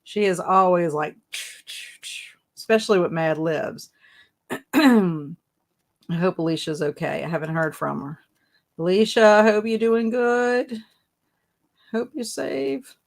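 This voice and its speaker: A woman chats on a casual live stream. She takes her time, giggles a lot and reads her viewers' comments aloud in a fairly low voice. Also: takes it slowly, vocal fry, long pauses. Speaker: livestream host.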